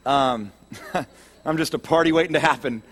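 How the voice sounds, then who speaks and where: A pastor with a fairly high voice delivers a sermon, joking at his own expense as he tells a story. He shifts into an earnest, reflective tone when he turns to growing up. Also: moderate pace. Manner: humorous, self-deprecating storytelling.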